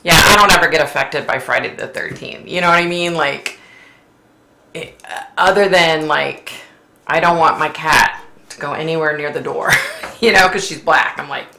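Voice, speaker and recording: Speaking at a normal speed, this woman has a low, gravelly voice that's bright and forceful, recorded in a roomy space. As a psychic hosting a casual livestream, she chats with her audience, reads their comments aloud, and leans heavily on "like" and "you know."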